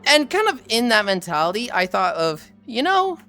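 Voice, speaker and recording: A woman livestreaming while walking, telling a story casually to chat, animated and swearing freely. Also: a little high, moderate pace, soft background music.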